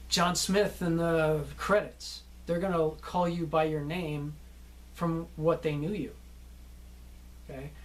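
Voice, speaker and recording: A middle-aged man teaching acting students in a casual, rambling lecture, often ending lines with "okay?". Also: fairly high pitch.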